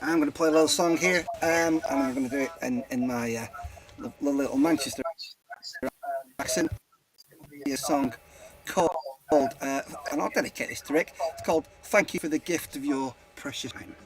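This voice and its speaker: A man's voice: fairly high pitch, normal speed, a crowd in the background, low-quality recording. A man, a guest musician, chatting casually and singing his song while playing guitar. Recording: loud acoustic guitar behind voice.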